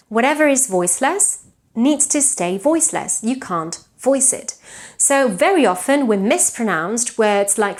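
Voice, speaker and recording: A woman with a Catalan accent, a native Catalan speaker, giving an online English pronunciation lesson, slowing down to model words and often checking in with her learners. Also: medium pitch. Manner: clear, deliberate teaching, slows down to model words, frequent check-ins like "yes?".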